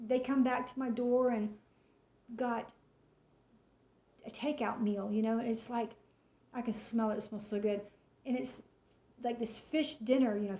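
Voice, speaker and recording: A high-voiced woman tells a personal faith testimony in a casual, chatty way, acting out each exchange as she retells it. Her voice comes through an echoey room on a muffled, lo-fi recording. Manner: chatty, animated retelling with quoted dialogue. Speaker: storyteller sharing a faith testimony. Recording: echoey room, dull lo-fi sound.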